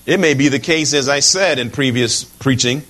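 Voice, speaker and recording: A middle-aged man preaching a sermon in an animated, humorous way, with many asides to the congregation and frequent repeated words. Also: medium pitch, moderate pace. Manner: repeats words and restarts phrases while preaching.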